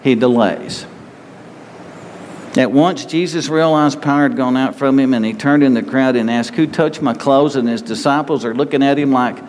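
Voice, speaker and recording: A man's voice: medium pitch, a little fast, hardly any pauses. A man preaching a sermon in an earnest, conversational way, acting out pleading voices as he retells the story. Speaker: pastor. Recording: hall reverb with faint ambient noise.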